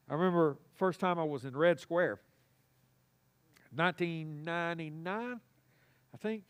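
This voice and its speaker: A man preaching a sermon, animated and folksy, calling on the congregation to answer him. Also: on the high side, normal speed, long pauses. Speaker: pastor. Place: church sanctuary.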